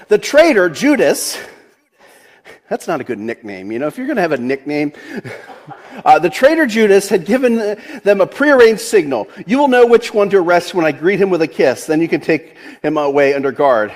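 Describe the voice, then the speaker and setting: A man preaching a conversational sermon as pastor, chatty and joking, often restarting his sentences. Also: high-pitched.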